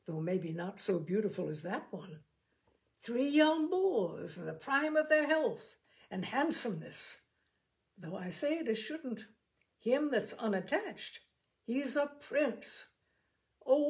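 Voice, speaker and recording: Eine Frau spielt einen gemütlichen, schlauen Bauern. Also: female voice, fairly high pitch, a little mellow, exaggerated voice. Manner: folksy country speech, musing and coaxing. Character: fat shrewd jolly male farmer, rustic.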